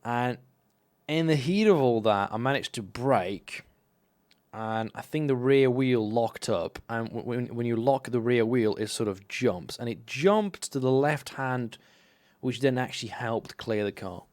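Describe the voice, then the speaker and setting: A man's voice: medium pitch, a little slow. Rambling, foul-mouthed young man streamer. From Slovenia. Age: young adult. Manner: rambling, profane, animated anecdotes. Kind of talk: casual live-stream storytelling.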